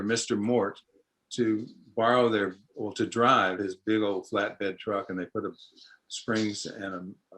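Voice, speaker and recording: Low-voiced man telling a folksy story. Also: a bit bright, rough recording. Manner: unhurried folksy storytelling, acting out voices lightly. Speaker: storyteller and musician.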